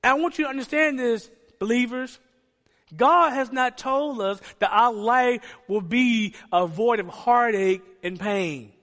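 A man's voice: very high voice, unhurried, fairly bright tone. A man preaching a sermon in a church, emphatic, asking the congregation rhetorical questions. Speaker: pastor. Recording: long hall reverb.

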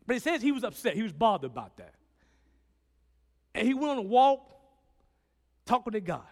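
A man preaching a sermon, swinging from loud, emphatic lines to quiet ones and acting out Bible characters. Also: extremely high pitch, very animated, normal speed, long pauses, in a large hall.

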